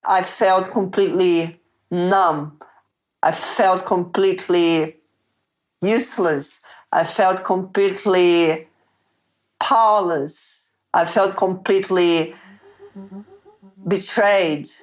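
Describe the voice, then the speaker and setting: A middle-aged mother speaking in a personal interview, halting and repetitive. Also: fairly low pitch, fairly even intonation. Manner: slow, halting, repeats words.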